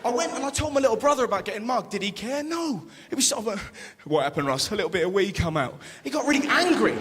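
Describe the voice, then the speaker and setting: A man tells self-mocking stories in a stand-up set. His voice sits high. It is heard in a big theatre with a long reverb tail and a loud audience behind him. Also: lively intonation, fast, background noise. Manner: storytelling, self-mocking, acts out other voices. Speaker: stand-up comedian. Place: large theatre stage with audience.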